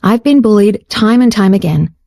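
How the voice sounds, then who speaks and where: A woman voicing a shy, affectionate young heroine in an audiobook romance, speaking high and earnest. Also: moderate pace, dark tone, no room sound, lightly acted. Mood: tender. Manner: pitched up, earnest and emotional. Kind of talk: audiobook character voice.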